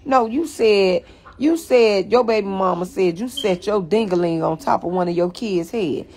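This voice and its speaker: A woman's voice: medium pitch, moderate pace, a little mellow. A woman hosting a live stream, ranting to her viewers in a blunt, mocking and profane way, calling them y'all, speaking into a phone.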